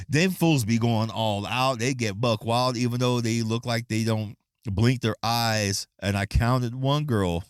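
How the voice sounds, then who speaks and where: A man hosting his own podcast, talking in a profane, animated rant and acting out the people in his stories. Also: mid-range voice, no room sound, studio quality. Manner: profane, animated storytelling with quoted voices. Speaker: podcast host. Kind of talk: casual solo podcast rant.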